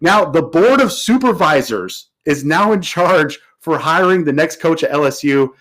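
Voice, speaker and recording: A man co-hosting a podcast, telling a sports story in an animated, emphatic way. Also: on the high side, moderate pace, poor audio. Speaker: podcast co-host. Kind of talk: casual sports talk.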